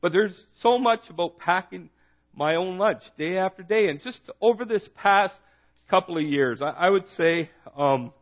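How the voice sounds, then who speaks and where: A man in his forties preaches with a fairly high voice, telling stories and hammering home points through repetition. The recording sounds dull and lo-fi. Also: lively intonation, moderate pace. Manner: storytelling with emphatic repetition. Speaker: pastor. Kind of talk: sermon.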